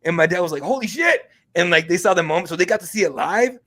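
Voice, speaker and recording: A man hosting an MMA podcast, telling a story in a casual, excitable and profane way. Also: high-pitched, very fast. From Mexican heritage. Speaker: MMA podcast host and reporter.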